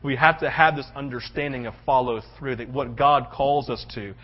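A man's voice: mid-range voice, normal speed. A man preaching a sermon as a pastor, telling the story dramatically and slipping into voices for the characters. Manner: animated storytelling, acting out voices. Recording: muffled lo-fi sound.

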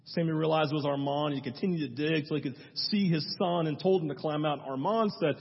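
Male pastor, high husky voice, emphatic storyteller, sermon in a dull echoey hall. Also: brisk, few pauses. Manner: emphatic storytelling with repeated phrases.

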